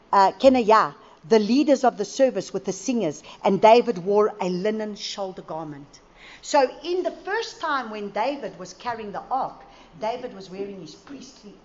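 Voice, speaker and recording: A woman preaching at a conference, lively and storytelling, with acted asides. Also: medium pitch. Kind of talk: conference sermon. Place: conference hall. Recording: roomy hall sound, dull audio.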